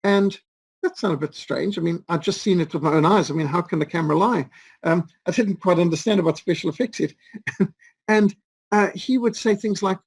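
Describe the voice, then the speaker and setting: A man's voice: sits high, a little fast, slightly rough, dry recording, poor audio. A man in his fifties, from Zimbabwe, telling rambling stories with many fillers as an interview guest. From Rhodesia. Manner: rambling, anecdotal, with frequent fillers and restarts. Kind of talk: storytelling in an interview.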